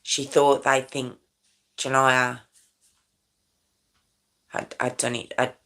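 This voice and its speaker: Woman, middle-aged, true crime host: bright, forceful delivery, chatty and emotive, keeps asking "okay?". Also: a bass voice, little pitch movement, slow. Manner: conversational, checks in with "okay?", shocked and emotive. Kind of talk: true crime commentary monologue.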